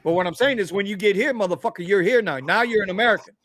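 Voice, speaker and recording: A man's voice: high-pitched, racing, a bit bright, dry recording. A man from Florida, co-hosting a casual talk show, ranting bluntly with plenty of profanity. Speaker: podcast co-host. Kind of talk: casual chat.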